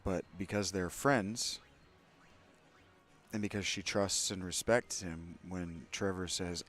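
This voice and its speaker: A man with a fairly low voice talks through a game as its host, candid and opinionated. He drifts into rambling asides aimed at his viewers between moments of play. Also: a little slow. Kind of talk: gameplay commentary.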